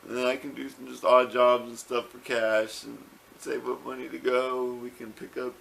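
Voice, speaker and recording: A man's voice: medium pitch, flat delivery, normal speed, vocal fry, fairly bright tone, a little hiss or hum. A man talking casually to a home camera, rambling with fillers and repeated words. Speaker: vlogger. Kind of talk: casual home video talk.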